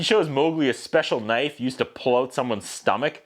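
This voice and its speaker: A man's voice: mid-range voice, moderate pace, hardly any pauses. A man recapping a movie as a reviewer, with a sarcastic, joking manner. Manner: sarcastic, animated, puts on voices for quotes.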